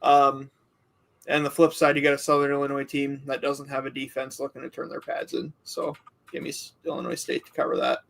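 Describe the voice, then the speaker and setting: A man's voice: medium pitch, completely flat delivery, a little fast, creaky, fairly bright tone. A man co-hosting a sports podcast, breaking down picks in an analytical way from a prediction model. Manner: analytical, cites a betting model. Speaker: podcast co-host.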